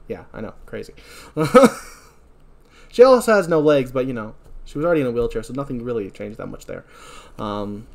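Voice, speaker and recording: A man co-hosting a podcast, recapping an episode in casual chat, reading out dialogue and breaking into heated asides. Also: mid-range voice. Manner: reads episode notes and quotes dialogue flatly between asides; gets heated and fast when ranting. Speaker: podcast co-host.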